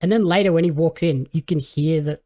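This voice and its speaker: A man's voice: on the high side, fairly quick, dark tone. A man hosting a casual podcast chat about films and shows, easygoing and quoting his own reactions. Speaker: podcast host.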